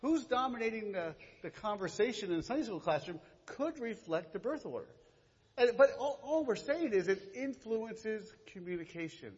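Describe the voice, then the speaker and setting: A middle-aged man co-leads a church workshop with a joking, sarcastic edge. His pitch moves a lot. The sound is lo-fi, with a long reverb from the hall. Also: sing-song, moderate pace. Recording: lo-fi hall recording.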